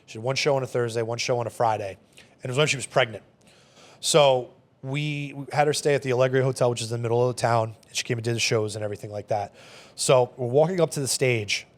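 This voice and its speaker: A man who manages a bar, telling stories in a casual interview, quick and animated with many fillers. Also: medium pitch. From Long Island, New York. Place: podcast studio.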